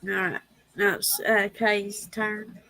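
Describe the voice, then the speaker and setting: A woman's voice: medium pitch, little pitch movement, slow pace, vocal fry, background noise. A woman hosting a casual livestream, reading prayers and speaking tenderly and emotionally. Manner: tender, emotional, laughs easily.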